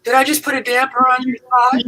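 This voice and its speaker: A man's voice: very high voice, monotone, a little fast, pushed and bright, slight background noise, low-quality recording. A man chatting casually on a group stream, making dry teasing remarks.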